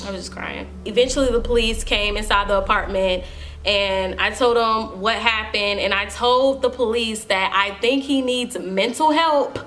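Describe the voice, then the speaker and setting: A woman's voice: fairly high pitch, measured pace, a bit bright, soft background music. A young woman telling a personal story to her viewers in a casual, emphatic storytime vlog. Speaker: vlogger.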